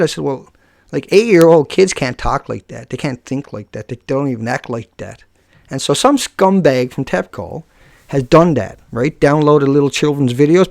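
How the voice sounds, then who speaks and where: Gravelly, combative man ranting on camera. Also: on the high side, a little mellow, no echo. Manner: combative, scornful, jumps from rant to joking asides. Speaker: video blogger. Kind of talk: live-streamed rant to viewers.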